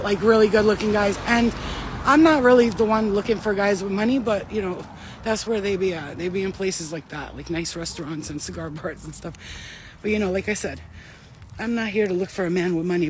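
A woman's voice: medium pitch, brisk, noisy background. A woman chatting casually while walking her dog outdoors, blunt and profane and laughing often. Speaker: vlogger. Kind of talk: casual chat.

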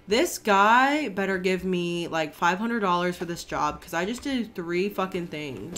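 A young woman streaming a game, commenting excitedly, swearing freely and talking to her viewers. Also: on the low side, measured pace, hardly any pauses. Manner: excitable, profane, talks to the chat. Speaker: gaming streamer. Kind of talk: casual gameplay commentary.

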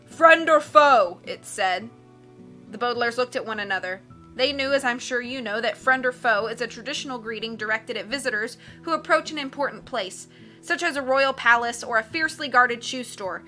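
Bright high woman reading a novel aloud. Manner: expressive, lifts her voice for dialogue. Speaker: audiobook reader.

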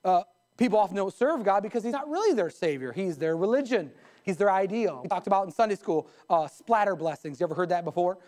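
A man's voice: sits high, expressive, fast talker, darkish tone. A pastor preaching a live sermon in his church, who often asks the congregation questions and tells stories to make his points.

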